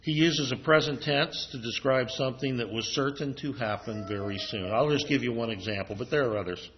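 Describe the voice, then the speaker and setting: A man's voice: medium pitch, fairly quick, a little hiss or hum. A man preaching a sermon in a conversational way, reading scripture aloud as he goes. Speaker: pastor. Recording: muffled lo-fi recording.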